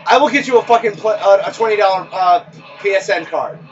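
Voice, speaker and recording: A man's voice: high-pitched, a little fast, highs cut off. A man playing a video game, chatting casually, often pleading and swearing. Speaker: game player. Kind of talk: casual gaming chat. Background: game music.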